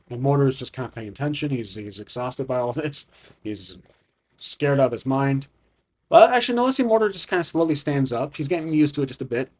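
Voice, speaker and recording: A man's voice: mid-range voice, normal speed, long pauses. Casual man narrating a solo tabletop game. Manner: thinking aloud, frequent restarts and self-corrections; casual, conversational. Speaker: solo game master and player.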